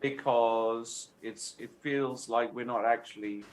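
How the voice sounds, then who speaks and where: A man's voice: medium pitch, fairly even intonation, takes it slowly, low-quality recording. A man co-hosting a chess show who works through candidate moves in a methodical way. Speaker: chess expert co-host. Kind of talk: casual chess analysis. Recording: faint background noise.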